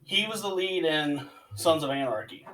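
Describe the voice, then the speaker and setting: A man's voice: a little high, normal speed, pushed and bright. Podcast cohost guy telling movie trivia stories, mic sounds a bit far off. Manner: storytelling, explains with trivia. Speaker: podcast co-host. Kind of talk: casual chat.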